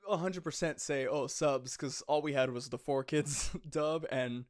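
A young man co-hosts a podcast, chatting eagerly in a casual way, laughing often and using lots of fillers. His voice is fairly high and steady in tone, and he speaks a little slowly.

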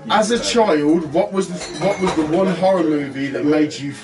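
High-voiced laughing man, off-mic. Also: moderate pace, far from the mic, music in the background. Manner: laughing, encouraging, sweary. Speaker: podcast host asking questions. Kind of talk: casual chat.

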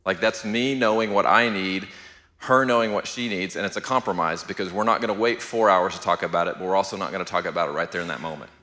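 Bright-voiced pastor in a reverberant hall. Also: male voice, deep voice, quick pace. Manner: steady, even-keeled, asks the room "how many know". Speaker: pastor teaching a marriage class. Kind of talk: conversational church class teaching.

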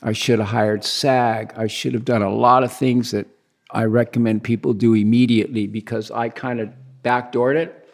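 A man in his sixties from the United States, telling stories as a guest in a relaxed, rambling way and acting out the dialogue he quotes. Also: mid-range voice, normal speed, vocal fry. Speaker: guest, big-wave surfer. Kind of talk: casual storytelling interview.

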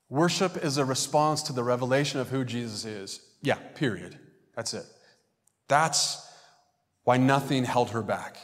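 A man preaches in a relaxed, conversational way, his voice set at a middle pitch. A long reverb from the church hall trails after each phrase. Now and then he slips into the voices of the people he is quoting. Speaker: pastor. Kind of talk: sermon. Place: church sanctuary.

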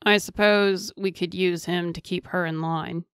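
A woman's voice: lowish voice, steady tone, measured pace, fairly bright tone, smooth, no echo, clean studio sound. Woman doing a cold, scornful male captor. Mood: calculating. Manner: skeptical, contemptuous, commanding.

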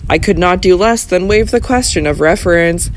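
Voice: mid-range voice, moderate pace, a little hiss or hum, close to an everyday voice. A reader doing a flustered old schoolmistress. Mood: defensive. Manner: apologetic, reproachful. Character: older female schoolmistress, flustered and defensive.

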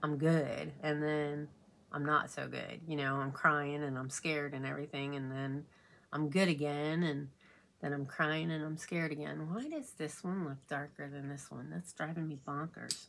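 A woman's voice: low voice, fairly even intonation, moderate pace, creaky, fairly bright tone, slight background noise. A woman beauty vlogger chatting casually while doing her makeup, rambling and confiding as she talks. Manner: rambling and confiding, many fillers like "you know what I mean".

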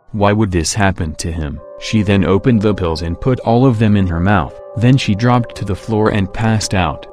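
A man with a low voice reads a horror story aloud in a plain, steady manner. Soft background music runs faintly under his narration. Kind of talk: creepypasta reading.

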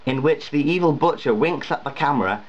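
A man's voice: fairly high pitch, expressive, a little fast. Brief: young guy, vlogger, chatty and wry, dull lo-fi sound. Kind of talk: casual vlog chat. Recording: dull lo-fi home recording.

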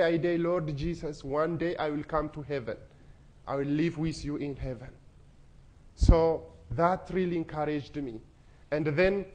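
A man's voice: fairly high pitch, a little mellow. A young man from Ethiopia, giving an earnest, emotional personal testimony to an audience. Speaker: speaker.

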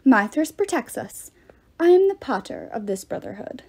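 A pompous old ghost priest who barks orders and bristles at every interruption, read out by a woman. The voice sits fairly high and swings about a lot, with a mellow tone. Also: very animated, moderate pace, breathy edge, heavily acted. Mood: indignant. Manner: commanding, indignant outbursts.

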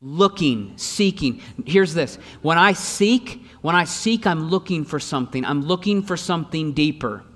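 A man's voice: fairly high pitch, expressive, a little slow, hardly any pauses, a bit bright, long reverb tail. A man, a pastor, preaching a sermon with lots of energy and repeated rhetorical questions to the congregation, sometimes acting out the voices of the people he quotes. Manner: acts out voices in quoted lines. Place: church sanctuary.

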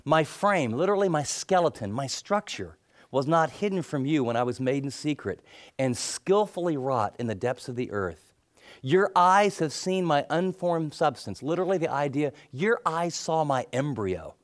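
A middle-aged male pastor preaching a sermon, telling stories and acting out the people in them, then dropping into soft, intense tones. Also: on the high side, very animated, normal speed. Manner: storytelling, acts out quoted people, drops to soft intense tones.

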